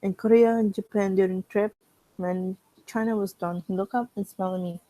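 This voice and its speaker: This fan reads fanfiction aloud in character, her medium-pitched voice strained and her pace moderate. Between passages she makes chatty asides to viewers; the audio is low quality with no room sound.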